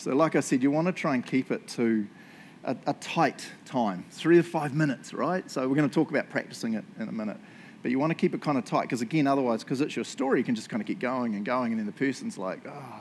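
A man's voice: mid-range voice, slight background noise. A man, a youth church leader giving a casual, chatty teaching talk full of asides and fillers.

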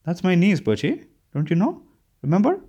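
A soft-spoken, patient woman coaxing an old relative to remember, performed by a man in an audiobook. Her voice rides well above the reader's normal pitch. Her tone stays kind and careful. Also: moderate pace, dull audio, close to an everyday voice. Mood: gentle. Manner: gentle, placating. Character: grown woman, gentle, patient niece-minder.

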